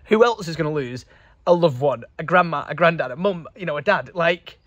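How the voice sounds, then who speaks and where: A man's voice: on the high side, animated, fairly quick, a bit bright, no room sound, lo-fi sound. A young man, talking casually and emotionally to camera in a vlog, earnest and full of fillers. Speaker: vlogger.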